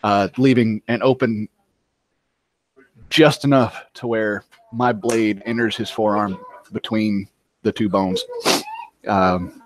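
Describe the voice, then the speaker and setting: A man describing his character's moves in a tabletop role-playing game, pausing often with hesitant fillers. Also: fairly low pitch, steady tone. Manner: halting, many ums. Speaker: player.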